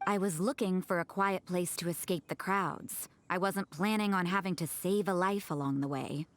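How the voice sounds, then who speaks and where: An aloof church sister from a game, voiced by a woman. She speaks in short, curt sentences. Her voice sits fairly low for a woman. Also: normal speed, lightly acted. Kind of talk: game voice acting.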